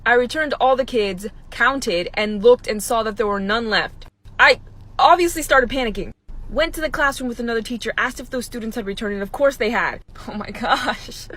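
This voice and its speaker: A young woman, a substitute teacher, telling a story about her day in an animated way, acting out what people said. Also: a little high, normal speed. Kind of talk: casual storytime.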